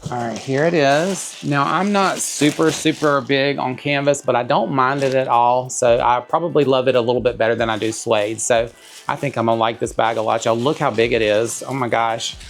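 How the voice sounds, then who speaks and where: A man's voice: mid-range voice, moderate pace, creaky, soft background music. A man chatting enthusiastically to his viewers while unboxing a tote bag at home. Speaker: bag reviewer. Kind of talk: casual unboxing vlog.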